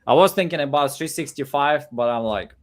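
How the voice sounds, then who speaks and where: A man's voice: on the high side, a little fast. Rambling male stream co-host. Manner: rambling, with many restarts. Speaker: co-host of a live sales stream. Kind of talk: casual chat.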